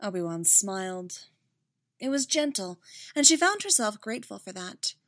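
A woman slowly narrating a fan story as an audiobook. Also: mid-range voice, sing-song, a bit bright, dry recording, clean studio sound. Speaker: reader.

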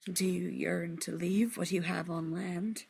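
Woman doing a super old lonely witch, gravelly and husky, slow terse lines. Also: fairly low pitch, steady tone, a little mellow, full character voice. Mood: knowing.

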